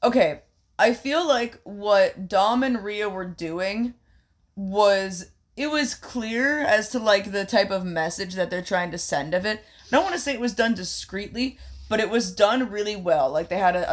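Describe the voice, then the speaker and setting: A woman's voice: mid-range voice, normal speed. A tired, yawning woman co-hosting a casual podcast, speaking bluntly and swearing freely. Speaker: podcast co-host. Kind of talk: casual chat.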